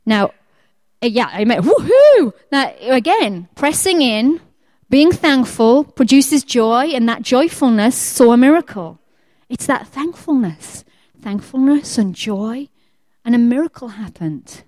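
A woman preaching a sermon, lively and conversational, who acts out the prayers of the people she talks about. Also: a little high, a little slow, no room sound. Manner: lively, acts out quoted prayers in changing voices.

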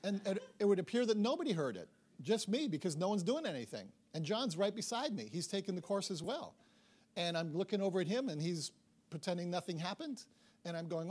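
A middle-aged man preaching a sermon, telling a story with lively acted-out dialogue. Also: sits high, a little fast. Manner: animated storytelling, acts out dialogue. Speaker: pastor.

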